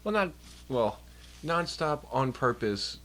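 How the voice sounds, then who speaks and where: Young guy streaming from home, rambly and sweary, pitch jumps all over, bit stuffy nose. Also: big pitch swings, slow, fairly bright tone. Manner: rambling, profane, jokey, talks to chat. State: slightly nasal, stuffed nose. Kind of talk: casual chat on a livestream. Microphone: desk mic.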